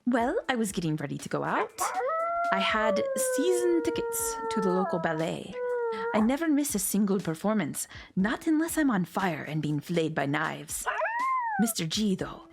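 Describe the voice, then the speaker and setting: Theatrical dog housewife, put-on German accent, lively swooping voice, gravelly edge, a woman doing it, quiet music behind. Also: mid-range voice, moderate pace, very noisy. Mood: gushing.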